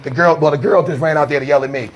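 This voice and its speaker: A man, a street preacher arguing defensively outdoors by a church, talking fast and repeating himself, filmed on a handheld phone. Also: a little high, slight background noise. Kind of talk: heated confrontational street talk. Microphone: handheld phone camera.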